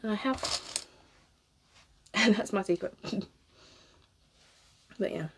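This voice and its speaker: A husky-voiced British woman in her thirties talks while she works on a wig, wandering from thought to thought. She laughs often and swears freely. Her pitch sits in an ordinary middle range. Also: slow pace. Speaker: cosplayer. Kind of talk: casual chat while styling a wig.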